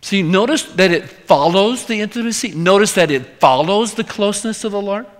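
A man preaching an expository sermon as pastor, fervent, repeating words and dropping to a hushed whisper at times. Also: high voice, animated, moderate pace, long reverb tail. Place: church sanctuary.

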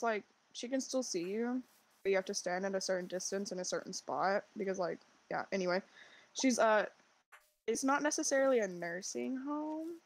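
A woman's voice: mid-range voice, creaky, noisy background. A woman chatting casually over voice chat while gaming, rambling with lots of likes and ums. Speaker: co-player and friend of the streamer.

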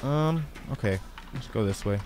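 A man hosting a gaming channel, giving excitable, slangy commentary as he plays a horror game. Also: medium pitch, moderate pace, background noise. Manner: excitable, exclamatory, casual slang. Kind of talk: let's play commentary.

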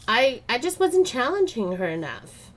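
A woman's voice: a little high, sing-song, a little slow. A married woman chatting casually while she draws, rambling through stories and laughing often. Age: adult, married. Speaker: art vlogger. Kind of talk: casual chat while drawing.

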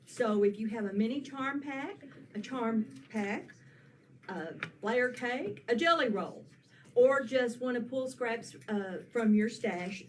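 An upbeat woman teaching a quilting class, reassuring and laughing lightly. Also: fairly high pitch. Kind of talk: casual class presentation. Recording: distant mic with faint noise.

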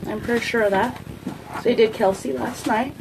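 High-voiced woman joking on a live stream. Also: fairly even intonation, normal speed, vocal fry, noisy background. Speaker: behind-the-scenes helper. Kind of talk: casual chat on a live stream.

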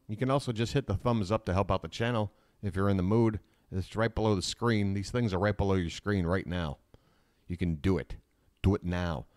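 A man's voice: lowish voice, a little mellow, no echo, clean studio sound. A man hosting a casual live stream from his laptop at home, rambling with self-mocking asides and reading out the chat.

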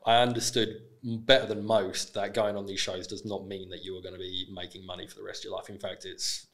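A man's voice: sits low, level tone, fast, fairly bright tone. A man in his thirties from England with an Essex accent, a podcast guest talking frankly and casually, swearing freely and often restarting his sentences. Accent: Essex English. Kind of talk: casual interview chat.

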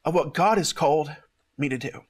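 A fairly high-voiced man speaks with halting earnestness, stumbling and restarting as he gives a heartfelt testimony. He is close to tears as he talks. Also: slightly rough. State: near tears. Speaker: host of a ministry show. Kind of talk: emotional testimony to camera.

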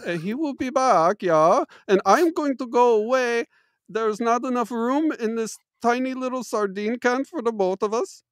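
A man voicing a goofy self-proclaimed German expert professor, in a clumsy mock German accent that slips, speaking in halting, pompous broken English. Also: high-pitched, expressive, dry recording, studio quality. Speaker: show host in disguise.

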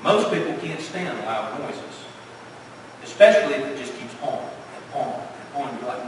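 A man preaching a sermon as pastor, emphatic, asking rhetorical questions and dropping to a hush. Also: mid-range voice, lively intonation, moderate pace. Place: church sanctuary. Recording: echoey church hall from far off, faint noise.

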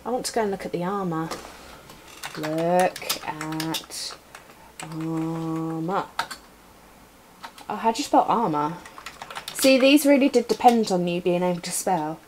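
A woman's voice: mid-range voice, animated, quick pace, a little mellow, slight background noise. A young woman streaming a retro adventure game, joking with viewers as she types commands. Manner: playful, chatting to viewers while typing commands. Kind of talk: casual live-stream commentary. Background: keyboard typing.

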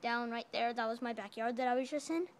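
A woman vlogging a playful home video, rambling along and calling out loudly now and then. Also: on the high side, fairly even intonation, fast.

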